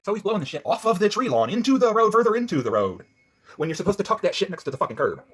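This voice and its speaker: A worked-up man ranting in a profane vlog, swinging between loud outbursts and low muttering. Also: very animated, racing, slightly rough. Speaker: vlogger.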